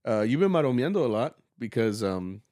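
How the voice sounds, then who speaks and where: A man's voice: mid-range voice, very animated, brisk, a little mellow, no room sound, studio quality. A man who directs a school mariachi program, chatting casually on a podcast, rambling and laughing often and mixing in bits of Spanish.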